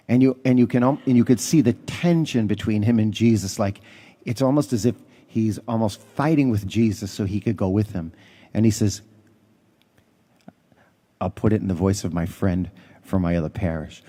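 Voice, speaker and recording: A man's voice: fairly low pitch, unhurried, long pauses, warm tone. A man, a parish priest, giving a conversational homily with stories and some fillers. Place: church.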